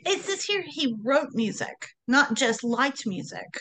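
Female co-host, bright-pitched, animated and unhurried, gushing reactions. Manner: enthusiastic reactions, exclaiming. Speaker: podcast co-host. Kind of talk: casual chat.

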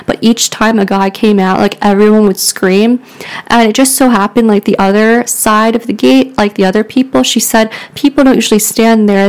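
A woman's voice: medium pitch, darkish tone, poor audio. A woman hosting a podcast, telling a story in casual chat. She rambles, fills her talk with "like" and laughs often. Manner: rambling, filler-heavy with frequent "like". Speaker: podcast host.

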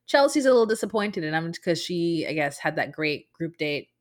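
A woman's voice: sits low, moderate pace. A woman co-hosting a casual podcast, recapping a reality dating show with friends-on-the-couch energy. She tells it animatedly, jumping into sassy impressions of the people she quotes. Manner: animated, acts out quotes with sass. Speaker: podcast co-host.

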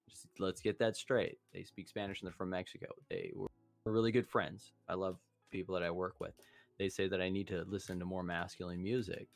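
A young man in casual podcast chat, easygoing and rambling, often pausing to search for words. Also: sits low, flat delivery, no room sound, faint music behind.

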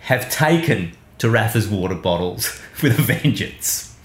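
A man's voice: lowish voice, expressive, measured pace. A man co-hosting a podcast, chatting casually about sport in a wry, amused way that thinks aloud. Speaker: podcast co-host. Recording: echoey room.

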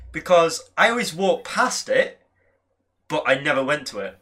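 Give me a bright-voiced young man chatting. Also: fairly high pitch, normal speed. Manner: laughs often, lively and animated. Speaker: podcast co-host. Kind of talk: casual chat with friends.

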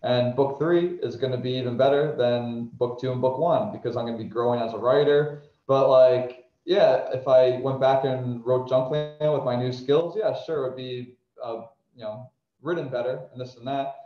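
Man, author guest from New Jersey, smooth, rambling, reflective; echoey room, muffled sound. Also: medium pitch, moderate pace. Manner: rambling and reflective, many restarts. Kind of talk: casual conversation.

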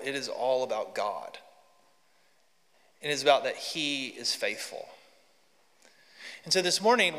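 A man's voice: mid-range voice, bright, forceful tone. A man preaching a sermon and leading prayer in a large church, earnest and addressing the congregation directly. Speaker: pastor. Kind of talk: sermon with scripture reading and prayer. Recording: long hall reverb from a church.

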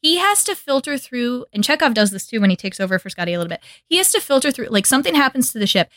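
A young woman co-hosting a podcast in casual chat, animated and laughing often as she acts out scenes. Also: on the high side, fast, no room sound, clean studio sound. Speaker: podcast co-host.

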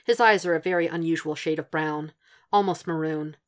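A woman reading a piece of fan fiction aloud as audiobook narration, in a steady, even storytelling manner. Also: low-pitched, brisk.

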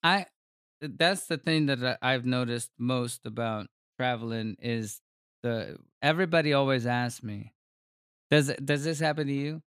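A man's voice: medium pitch, unhurried, fairly bright tone, smooth, no echo, studio quality. A man chatting casually and jokingly as a podcast co-host, rambling with many fillers and restarts. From Florida. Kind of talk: casual chat.

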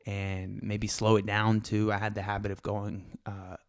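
Excitable man on a solo podcast. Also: on the low side, clear, resonant tone. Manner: fast, excitable, animated storytelling. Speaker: podcast host. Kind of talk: casual solo podcast talk.

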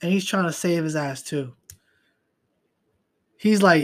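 A man's voice: fairly high pitch, normal speed, long pauses. A young man hosting a solo podcast, talking in a profane, rambling way and trailing off into mutters. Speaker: podcast host. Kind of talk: casual solo podcast rant.

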